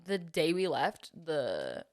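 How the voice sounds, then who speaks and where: A woman's voice: low voice, wildly swooping pitch, slow pace, a little mellow. Chatty young woman telling stories. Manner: chatty storytelling, acts out quotes, laughs often. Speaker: podcast guest. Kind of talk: casual chat.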